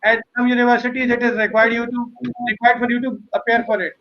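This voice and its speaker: Male webinar host, high voice, piles up phrases in lists, recorded over a muffled call line. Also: little pitch movement, fast talker. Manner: repetitive, listing phrases in a row. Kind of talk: live webinar moderation and promotion.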